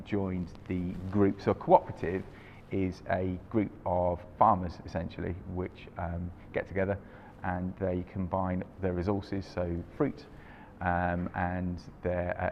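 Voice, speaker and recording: A low-pitched man presenting in a relaxed, chatty way, full of ums and easy asides. The sound is dull and a little muffled, with a long reverb trailing each phrase and a faint hiss of room ambience underneath. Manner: relaxed, filler-heavy, chatty. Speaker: wine subscription host. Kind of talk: casual presenting to camera.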